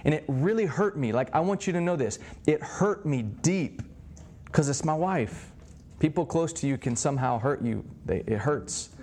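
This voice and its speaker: A middle-aged man preaching with animated storytelling, acting out the dialogue of his stories. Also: a little high, normal speed, a little hiss or hum. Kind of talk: sermon-style teaching.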